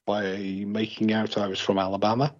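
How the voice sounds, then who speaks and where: A man's voice: lowish voice, little pitch movement, fairly quick. An English man with an English accent, chatting casually and telling jokey, rambling stories. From England. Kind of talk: casual chat. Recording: muffled lo-fi recording.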